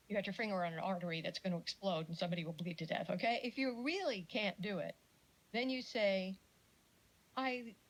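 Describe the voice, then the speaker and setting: A middle-aged woman giving a casual lecture on parenting, chatty and animated, with jokey asides and little acted-out quotes. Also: fairly low pitch, poor audio. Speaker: speaker giving a talk on parenting.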